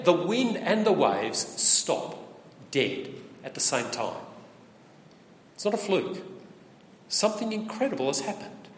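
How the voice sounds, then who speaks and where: Preacher in an echoey hall. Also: male voice, sits high. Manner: conversational, asks the listeners rhetorical questions. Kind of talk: sermon.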